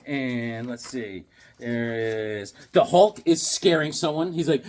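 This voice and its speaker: A man's voice: medium pitch, unhurried, darkish tone. A man rambling casually while showing his drawings, chuckling and full of fillers and self-talk. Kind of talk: casual rambling show-and-tell.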